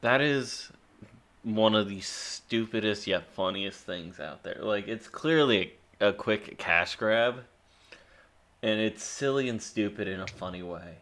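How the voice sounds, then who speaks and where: A man's voice: lowish voice, unhurried, a bit bright. A man co-hosting a podcast, chatting in an amused, laid-back way. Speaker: podcast co-host. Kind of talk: casual chat.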